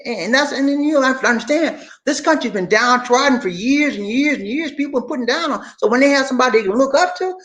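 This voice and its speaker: A man's voice: very high-pitched, expressive, fast talker, hardly any pauses, a bit bright. A middle-aged man co-hosting a casual live stream, reading viewer comments and talking straight to the audience in an emphatic, repetitive way.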